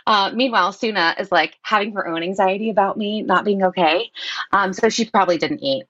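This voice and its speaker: A woman telling a personal story in casual conversation, animated, acting out quotes with many fillers and frequent laughs. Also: medium pitch, brisk, no echo, dull audio. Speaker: guest telling her story.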